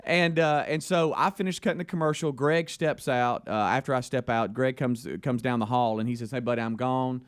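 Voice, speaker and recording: A man's voice: mid-range voice, fairly quick, hardly any pauses, smooth. A man with a Southern US accent, a radio co-host telling a rambling story in casual talk on air, acting out the phone calls in it. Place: radio studio.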